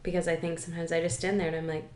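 A woman's voice: lowish voice, flat delivery, racing, darkish tone, slight background noise. A young woman co-hosting a podcast, chatting casually in an easygoing, agreeable way. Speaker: podcast co-host. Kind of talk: casual chat. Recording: echoey room.

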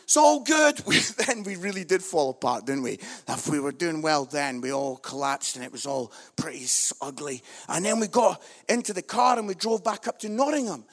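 A middle-aged man, telling a funny family story as a sermon, moving from hushed lines to shouted ones. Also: fairly high pitch, expressive, normal speed, hardly any pauses. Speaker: preacher.

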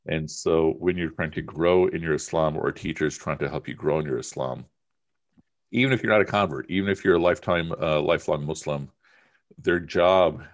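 Male teacher with an extremely low, deep voice, chatty and emphatic in class. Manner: conversational, emphatic, uses many fillers. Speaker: religion teacher. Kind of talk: informal class discussion.

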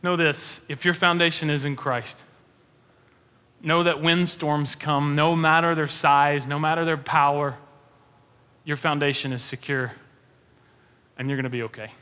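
A man in his thirties, a pastor giving an emphatic sermon that sometimes swings up high and at other times falls to a hushed prayer, in a church sanctuary. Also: measured pace, long pauses, smooth. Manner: emphatic, rising to animated peaks then dropping to a hushed prayer. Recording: long church hall reverb.

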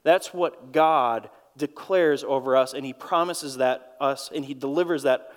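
A man's voice: mid-range voice, a little slow. A man with a Minnesotan accent preaching a sermon to his church, earnest and storytelling, often repeating words as he goes. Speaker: pastor. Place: church auditorium. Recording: long reverb of a large hall.

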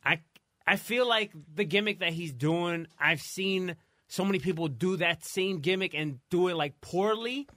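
A man's voice: high voice, normal speed, pushed and bright, no echo. A man co-hosting a casual wrestling talk show, explaining things loosely with laughs. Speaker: podcast co-host. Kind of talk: casual chat.

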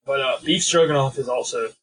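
A man's voice: mid-range voice, a little fast, a crowd in the background, low-quality recording. A young man co-hosting a podcast, talking in an easygoing, agreeable way with frequent fillers. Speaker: podcast co-host. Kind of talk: casual chat.

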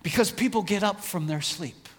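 A man's voice: sits high, moderate pace, slightly rough. A man preaching a conversational sermon as a pastor, acting out voices from the Bible story. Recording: long hall reverb.

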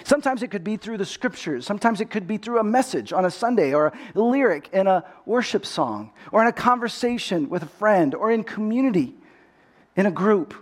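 A man's voice: high voice, animated, a little fast. A middle-aged man from Texas preaching a sermon, telling a personal story earnestly and often restarting his words. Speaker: pastor.

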